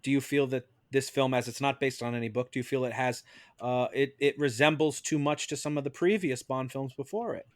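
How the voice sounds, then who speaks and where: A man's voice: medium pitch, fairly even intonation, a little fast, no echo. A man acting as judge on a podcast, steering the debate back on track in a dry, hesitant way. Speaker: judge of the mock trial. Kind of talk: casual podcast moderating.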